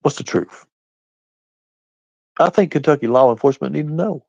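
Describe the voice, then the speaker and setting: A man with a fairly high, slightly mellow voice and some vocal fry rants on a casual live stream at a moderate pace. He's combative and confrontational, firing responses directly at his chat. The dull, lo-fi audio is dry.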